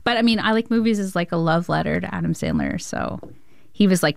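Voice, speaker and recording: Animated woman telling a story, laughing. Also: on the low side, fairly quick, creaky, no room sound. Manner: animated, laughs often, acts out dialogue. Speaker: film director, interview guest. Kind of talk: casual storytelling.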